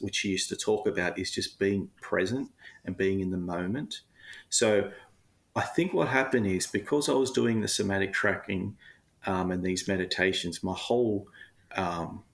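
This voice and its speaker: A man's voice: low-pitched, gravelly. A man talking candidly as a podcast guest, rambling with lots of fillers and turning emotional when he talks about himself. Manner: candid, rambling, frequent fillers, occasional laughs. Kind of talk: casual personal storytelling.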